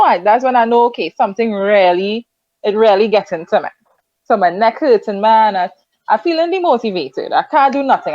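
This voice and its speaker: A woman's voice: a little high, dry recording. A woman who is a mother, speaking as a guest in a casual discussion, open and reflective about herself. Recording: dry, dull lo-fi sound.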